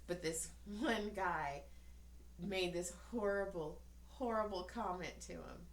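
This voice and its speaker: A woman's voice: on the low side, slow pace. A woman in her thirties co-hosting a podcast in casual chat, telling stories animatedly, laughing often and acting out quotes. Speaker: podcast co-host. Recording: roomy echo, faint ambience.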